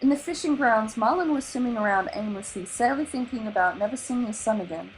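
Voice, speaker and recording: A woman with an Australian accent reading a children's novel aloud in an animated, expressive way. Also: fairly high pitch, brisk, faint music behind, rough recording. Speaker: storybook reader.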